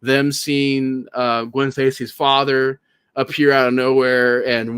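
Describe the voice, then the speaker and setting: A man's voice: mid-range voice, level tone, takes it slowly, a bit bright, smooth. A man guesting on a casual podcast, giving blunt, profane opinions on films. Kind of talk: casual film discussion.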